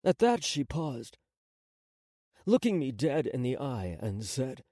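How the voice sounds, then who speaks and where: A man narrating a romance audiobook in a slow, dramatic first-person telling. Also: medium pitch, big pitch swings, warm tone, no echo, clean studio sound.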